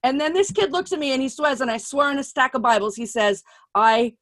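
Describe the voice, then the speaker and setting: A middle-aged woman hosting a podcast, telling stories in a casual, animated way, swearing freely and voicing the people she quotes. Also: high-pitched, fast talker, no room sound. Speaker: podcast host and comedian. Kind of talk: casual chat, storytelling.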